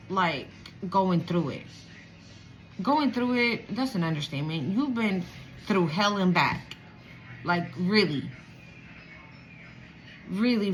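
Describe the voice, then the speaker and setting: A woman giving a channeled spiritual reading to viewers, emotional and animated, swearing casually. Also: mid-range voice, poor audio. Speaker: spiritual reader.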